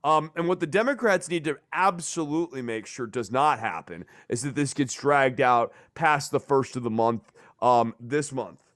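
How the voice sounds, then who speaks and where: A man hosting a casual political podcast, talking in a rambling, animated way and swearing for emphasis. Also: medium pitch, moderate pace, dry recording, clean studio sound. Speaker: podcast host.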